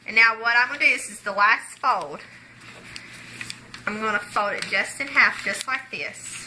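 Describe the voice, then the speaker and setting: Bright-voiced woman telling a folksy gospel story. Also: a little high, normal speed, slight background noise, poor audio. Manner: folksy, chatty, many "okay"s. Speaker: gospel magic presenter. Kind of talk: storytelling tutorial.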